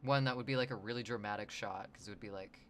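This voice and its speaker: A man with a fairly low, slightly bright voice livestreams himself sketching, talking at a quick pace. He rambles and jokes casually with his chat, with a little hiss or hum in the audio.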